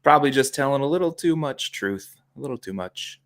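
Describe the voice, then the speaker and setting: A man's voice: medium pitch, lively intonation, brisk, gravelly, a bit bright. A man co-hosting a podcast in casual chat, laid-back and joking. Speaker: podcast co-host.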